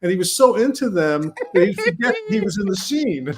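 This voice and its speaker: High-voiced man telling lively film stories. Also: normal speed, background noise. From Brooklyn, New York. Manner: animated anecdotes, quotes himself and others. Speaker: guest film director. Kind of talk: casual storytelling.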